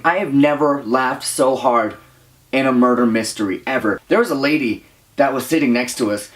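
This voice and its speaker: A young man giving a casual movie review, rambling with lots of fillers, exasperated and often laughing. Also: on the high side. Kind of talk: casual profane movie rant.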